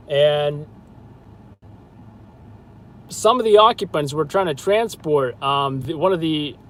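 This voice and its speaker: A man's voice: fairly high pitch, a little hiss or hum. A man hosting a live news stream, chatting casually in a rambling, hesitant way with lots of fillers.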